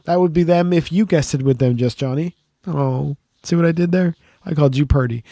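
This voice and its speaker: A middle-aged man co-hosting a podcast, telling stories in animated casual banter and swearing freely. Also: a little high, fairly quick, vocal fry, dry recording, studio quality. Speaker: podcast co-host.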